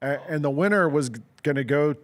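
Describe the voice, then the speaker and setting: A man's voice: fairly high pitch, a little fast. A man co-hosting a casual sports talk show, telling stories in a rambling way with lots of "like" and "um" fillers. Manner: amused storyteller. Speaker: sports radio co-host.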